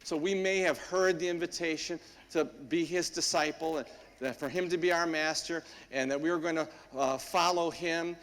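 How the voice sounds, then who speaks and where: A man, a priest, giving a homily in a church in a conversational storytelling manner with frequent pauses. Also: a little high, fairly bright tone. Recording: long church reverb.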